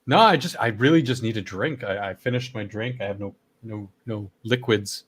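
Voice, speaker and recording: A man's voice: on the low side, normal speed, slightly rough. A man hosting a casual late-night stream, his throat worn and stuffed up from long talking. He rambles, coughs now and then and swears casually. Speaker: stream host.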